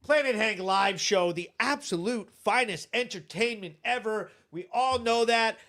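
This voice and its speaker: A man's voice: high-pitched, measured pace, noisy background. A man hosting a live show, ranting bluntly and sarcastically in casual commentary, swearing freely. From Vermont.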